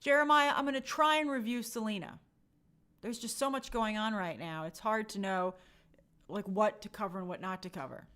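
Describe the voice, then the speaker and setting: A woman's voice: medium pitch, normal speed, a bit bright, clean tone. A woman hosting a casual live stream, chatting and reading viewer comments aloud. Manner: chatty, reads comments aloud and answers them.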